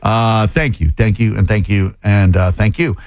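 A man's voice: fairly low pitch, normal speed, darkish tone, dry recording. A man hosting casual interviews at a theme park into a handheld mic, joking and rambling with many fillers. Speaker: host.

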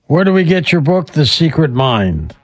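A man hosting a radio talk show, asking questions and leading into the break in a smooth broadcast manner. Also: fairly high pitch, very animated, moderate pace, soft background music. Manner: inquisitive, smooth broadcast delivery.

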